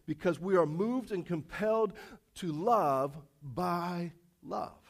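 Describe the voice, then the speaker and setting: A male preacher with a fairly high voice delivers a casual sermon. He tells stories with jokes, swinging from loud, punchy lines to quiet asides. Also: normal speed. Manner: casual, animated storytelling with jokes. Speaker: pastor.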